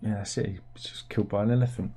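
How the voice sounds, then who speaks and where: With a lowish, mellow voice and steady tone, this British satirical news host races along against slight background noise. He talks in a rambling, wry manner, peppered with fillers and restarts, half to himself.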